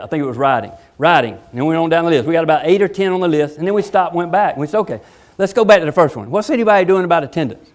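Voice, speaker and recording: A man giving a workshop talk to college faculty, emphatic and rhetorical, acting out quoted voices and firing repeated questions at his audience. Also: on the high side. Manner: animated, acts out quoted voices. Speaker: faculty development speaker.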